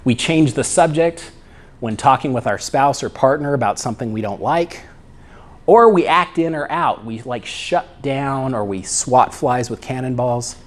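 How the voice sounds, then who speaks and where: A man's voice: medium pitch, measured pace. A middle-aged man, a psychologist, giving a conversational lecture and often checking in with "right?" and "okay?". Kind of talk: lecture talk.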